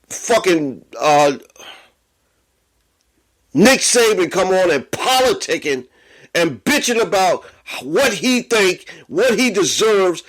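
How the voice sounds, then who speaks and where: A man's voice: high voice, a bit bright. A man hosting a sports podcast, ranting angrily and swearing a lot as he gets worked up. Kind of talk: profane sports rant.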